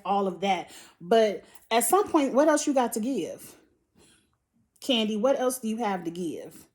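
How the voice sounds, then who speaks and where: A woman giving a blunt, profane, exasperated recap of a reality show, sighing and laughing between her points. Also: a little high. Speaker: TV show reviewer.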